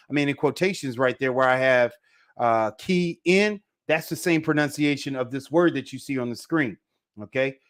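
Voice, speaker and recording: A man teaching a casual live online Spanish lesson, repeating phrases slowly for pronunciation. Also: fairly high pitch.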